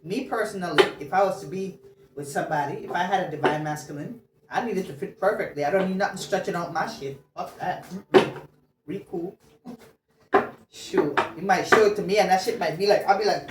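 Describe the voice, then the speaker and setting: A woman's voice: lowish voice, normal speed. A woman giving a casual love reading as a tarot reader, chatty and blunt, slangy, swearing and laughing as she talks. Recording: roomy sound, distant mic, faint noise.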